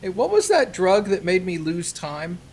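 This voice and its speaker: A man's voice: sits high, big pitch swings, moderate pace, breathy edge. A young man, a streamer, telling a rambling story in casual chat, with plenty of fillers. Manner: rambling anecdote with many fillers.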